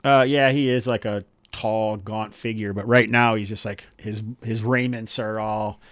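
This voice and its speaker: A man's voice: on the low side, steady tone, a little slow, fairly bright tone, no room sound. A man narrating as game master of a tabletop game, rambling with many restarts.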